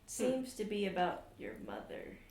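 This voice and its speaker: A woman voicing a quiet companion character in a tabletop game, in a plain, low-key way close to her own voice. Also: big pitch swings, measured pace, gravelly. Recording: echoey room, faint noise.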